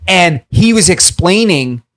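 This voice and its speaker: A man's voice: high-pitched, expressive, slow, fairly bright tone. A man in casual podcast chat, telling a long story with heavy swearing, lots of filler words, and acting out the people in it. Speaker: podcast co-host.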